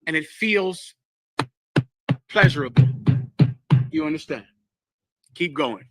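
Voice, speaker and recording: A man leads a scripture class in a forceful, bright voice pitched high for a man. He preaches with lively call-and-response and singles out people in the room. The sound is dry and close. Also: slow pace, dry recording, soft background music. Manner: animated call-and-response, addresses listeners directly. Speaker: teacher leading a scripture class. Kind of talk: preaching to a live congregation.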